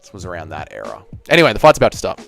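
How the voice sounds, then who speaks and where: A man's voice: low voice, wildly swooping pitch, rapid-fire, creaky, a bit bright. An Australian man in his thirties hosting a casual livestream watch-along, bantering with chat in a profane, joking way. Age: 30s. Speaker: livestream host. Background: faint background music.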